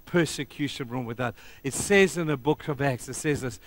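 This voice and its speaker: A middle-aged man preaching a sermon as pastor, telling stories emphatically and swinging between loud passages and hushed ones. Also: fairly high pitch, normal speed, no echo.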